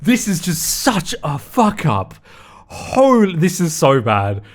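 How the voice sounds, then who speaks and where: Young man, excitable reaction host, bouncy animated pitch, sweary casual chat. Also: takes it slowly. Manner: excitable, swears a lot, laughs often.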